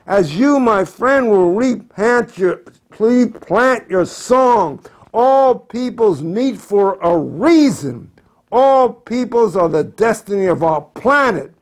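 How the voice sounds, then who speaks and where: A man reading his own poetry aloud at home in a measured recitation, repeating phrases as he goes. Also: high voice, expressive. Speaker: poet.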